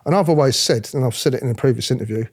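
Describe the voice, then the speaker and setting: His mid-range voice racing, a middle-aged former royal protection officer spills blunt stories in a candid interview. He's animated, curses freely, and impersonates the people in his tales.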